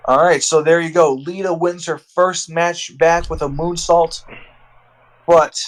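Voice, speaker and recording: Hyped male gamer commentator, fairly high voice, profane and playful. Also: unhurried. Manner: excitable, profane trash talk. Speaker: gameplay commentator. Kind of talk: casual gameplay commentary.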